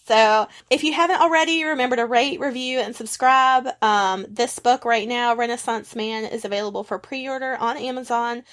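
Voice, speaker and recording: A woman's voice: fairly high pitch, moderate pace, a bit bright. Bubbly woman podcast host. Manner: bubbly, laughing. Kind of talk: casual chat.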